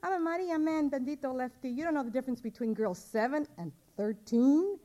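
Woman doing a cocky teenage boy, streetwise slang, Spanish curses, mellow tone. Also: high voice, fairly quick, voice pushed up, close to an everyday voice. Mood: scornful. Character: teenage boy, brash, teasing his friend.

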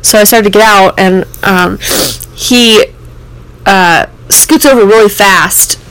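Young american woman, mid-pitched voice, candid rambling storytelling, lots of fillers. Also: slow pace, a bit bright, clean tone, no echo, rough recording. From United States. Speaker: host. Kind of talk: personal storytelling.

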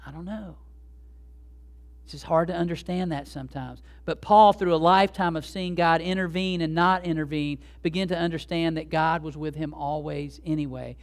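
A man preaching a sermon, telling stories and acting out the people he quotes, with loud bursts of emphasis. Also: a little high, steady tone, normal speed. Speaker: pastor.

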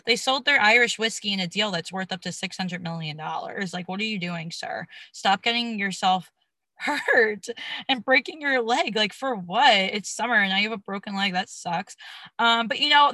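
A young woman hosts a podcast in a loose, chatty way, full of slang and big dramatic reactions. Her voice is bright and forceful. It sounds dry and close, with no room echo. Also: mid-range voice. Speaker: podcast host. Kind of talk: casual chat.

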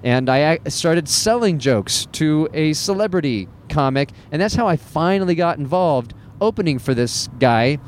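A man's voice: a little high, animated, normal speed, hardly any pauses, slight background noise. A man who works as a stand-up comedian, talking in a casual, self-deprecating monologue with wry laughs.

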